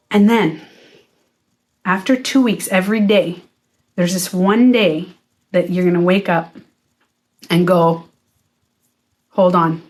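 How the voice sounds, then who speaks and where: A woman's voice: on the high side, a little mellow. A woman wellness coach talking casually to her viewers, candid and swearing freely as she acts out her own reactions. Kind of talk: casual live-stream talk to viewers. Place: indoors, playing music in the background.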